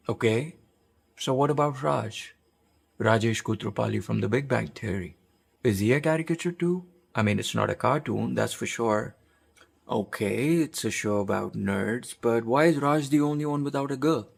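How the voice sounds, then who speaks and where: A man's voice: medium pitch, normal speed, creaky, breathy edge. A man from India hosting a commentary show, talking in an emphatic, conversational way and asking rhetorical questions. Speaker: host.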